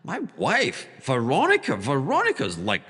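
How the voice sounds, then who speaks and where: A man voicing an excitable male stockbroker who stammers and rambles breathlessly. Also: medium pitch, moderate pace, slightly rough, in a large hall, heavily acted. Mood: frantic.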